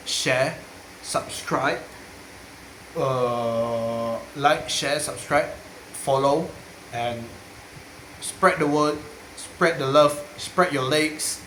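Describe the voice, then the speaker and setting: A man's voice: mid-range voice, fairly bright tone. A man rambling and joking crudely in a casual vlog. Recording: echoey room, faint hiss.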